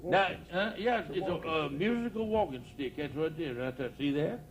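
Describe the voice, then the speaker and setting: A man's voice: fairly high pitch, expressive, moderate pace, a little hiss or hum. An older man, a country preacher telling rambling comic stories to a live audience and laughing at his own jokes. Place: outdoor church campground before a live audience.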